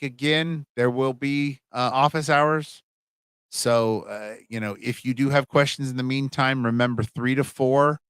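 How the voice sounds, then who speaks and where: A man's voice: mid-range voice, smooth, dry recording. A middle-aged man, a college humanities instructor, wrapping up a livestream class in a chatty, rambling way with lots of fillers and restarts. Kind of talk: casual livestream class wrap-up.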